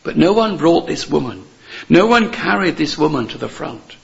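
Gravelly-voiced preacher, earnest and emphatic. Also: male voice, a little high, very animated, moderate pace, highs cut off. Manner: earnest, emphatic repetition with rhetorical questions. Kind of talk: sermon.

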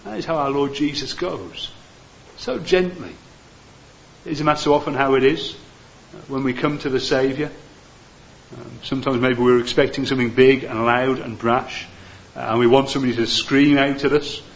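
A man preaching a sermon, earnest and gentle, with many "uh" fillers. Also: medium pitch, fairly even intonation, normal speed, dull audio.

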